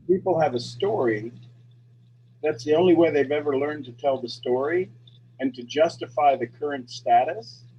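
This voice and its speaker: Mellow-voiced male coach on a muffled call. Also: on the high side, moderate pace, a little hiss or hum. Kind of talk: casual explanation on a call.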